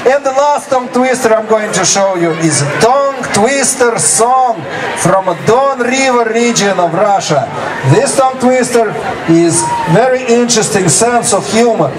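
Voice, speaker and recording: A man presenting on stage to a live audience. He explains each piece in plain words, then recites it slowly and then fast. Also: very high-pitched, lively intonation. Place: outdoor festival. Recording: distant outdoor recording with crowd noise.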